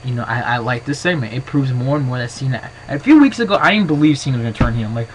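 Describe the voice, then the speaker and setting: A man in a casual vlog, talking off the cuff into his camera's own mic. He rambles along excitably, leaning on "you know" and restarting his sentences. His voice is mid-pitched, and a faint ambient hum sits underneath. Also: rapid-fire, low-quality recording. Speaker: wrestling vlogger. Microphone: built-in camera mic.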